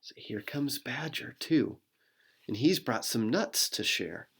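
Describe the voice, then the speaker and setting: A pastor reading a picture book aloud to children, playful and animated with sound effects, then leading a short prayer. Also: medium pitch, slow, husky.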